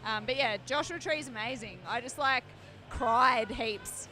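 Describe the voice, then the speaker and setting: A woman's voice: fairly high pitch, unhurried, pushed and bright. Giggly Australian woman telling stories. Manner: chatty, giggly, storytelling. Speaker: musician guest. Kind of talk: casual chat.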